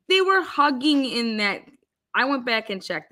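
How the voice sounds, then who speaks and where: Giggly, excitable woman hosting a livestream. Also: on the high side, normal speed. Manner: giggly, excitable, swears casually. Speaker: livestream host. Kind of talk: casual live-stream chat.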